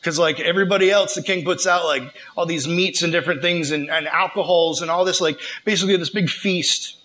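A man preaching in a casual, slangy style, retelling a story with lively animation. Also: on the high side, a little fast, low-quality recording.

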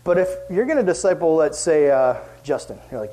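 High-voiced animated young male youth pastor. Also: quick pace, few pauses. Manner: animated, acts out quoted voices. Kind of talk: youth group sermon.

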